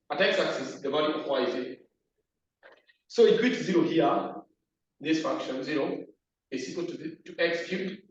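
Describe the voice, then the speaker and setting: A man teaching a maths class at the board, repeating key terms and asking the class questions. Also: a little high. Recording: echoey room, distant lo-fi mic.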